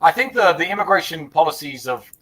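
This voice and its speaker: A man with a slightly high-pitched voice gives blunt, strongly held opinions on a podcast. He curses freely and often stammers and restarts mid-sentence. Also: sing-song, fast talker, fairly bright tone, rough recording. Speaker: podcast guest. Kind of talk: casual chat.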